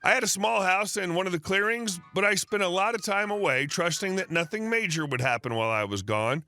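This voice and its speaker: Guy reading a story out, high bright voice, soft music behind. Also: lively intonation, brisk. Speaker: narrator. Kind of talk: scripted story narration.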